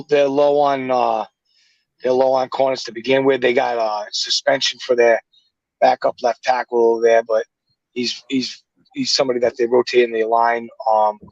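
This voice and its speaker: Halting man on a dull, dry line. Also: medium pitch, gravelly, dry recording. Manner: halting, repeats words. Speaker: podcast co-host. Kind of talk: casual sports podcast chat.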